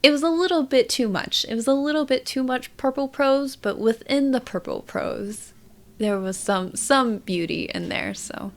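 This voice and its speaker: A young woman chatting casually about books she read, laughing often and reading quotes aloud softly. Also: high voice, moderate pace, vocal fry. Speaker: book vlogger. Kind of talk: casual book chat to camera.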